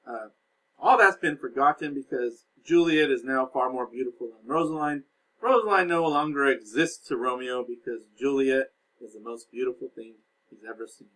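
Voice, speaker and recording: A man's voice: medium pitch, normal speed, fairly bright tone, poor audio. A male teacher casually recapping a play for his students, reading passages aloud and explaining them in plain words. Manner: casual explaining with fillers, reads aloud and paraphrases.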